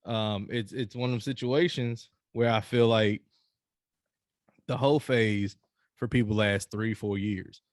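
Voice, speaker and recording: A man's voice: lowish voice, steady tone, unhurried, no room sound, studio quality. A man hosting a casual podcast chat, talking loosely with slang and laughing often. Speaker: podcast host.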